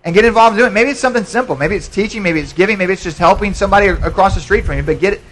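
A man's voice: high voice, rapid-fire, fairly bright tone, a little hiss or hum, low-quality recording. Man preaching a conversational sermon. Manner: conversational preaching with repetitions and restarts. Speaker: pastor. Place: church.

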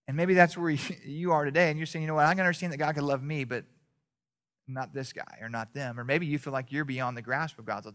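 A man preaching a sermon as a pastor in church, rising to loud exhortation and dropping to hushed storytelling, often repeating and restarting his words. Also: a little high.

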